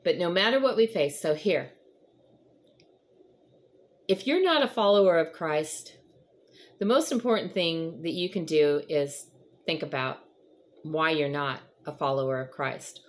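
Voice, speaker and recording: Speaking in a deep, expressive voice, a little slow and with long pauses, a woman hosts a casual devotional chat. She's earnest and encouraging, though she rambles somewhat and leans on fillers often.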